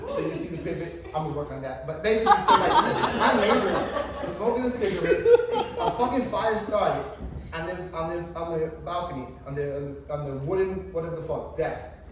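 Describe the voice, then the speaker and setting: A man in his thirties doing a stand-up comedy routine at a coffee shop open mic, rambling through his story with lots of fillers and swearing. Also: high-pitched. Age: 30s. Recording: echoey distant room recording with ambient noise.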